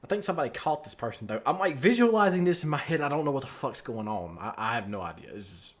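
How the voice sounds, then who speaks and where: A man's voice: medium pitch, sing-song, fast. A young man streaming a text adventure, reading the story aloud and rambling through his own commentary, swearing and filling with "like". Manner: rambling, filler-heavy, swears and laughs often. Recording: faint background music.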